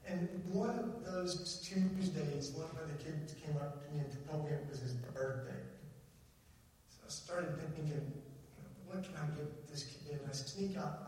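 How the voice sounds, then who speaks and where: A man's voice: a little high, a little mellow, slight background noise. A man preaching an earnest sermon, telling stories to make his point. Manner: earnest, storytelling. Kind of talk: sermon with storytelling. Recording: echoey hall from far off.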